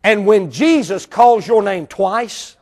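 Man, Baptist pastor, high voice, emphatic sermon, hushed to loud, church auditorium. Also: lively intonation, takes it slowly. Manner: emphatic, swings between hushed asides and loud outbursts.

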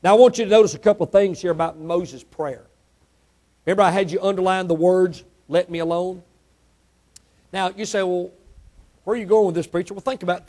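A man preaching a sermon, emphatic, quizzing the congregation and swinging between soft asides and loud peaks. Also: sits high.

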